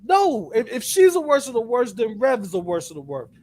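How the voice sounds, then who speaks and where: A man in casual chat, animated and profane, acting out other people's lines as he talks. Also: extremely high pitch, fairly quick. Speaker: co-host.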